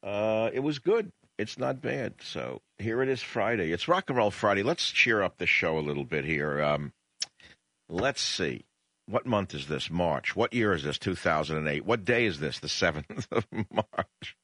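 A man's voice: low voice, expressive, moderate pace, a bit bright, no echo. A man hosting a radio talk show, delivering a sardonic, rambling monologue.

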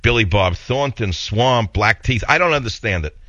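A man's voice: lowish voice, expressive, normal speed, sharp tone, dry recording. A man with a heavy New York accent hosting a talk radio show, opinionated and rambling in a blunt monologue.

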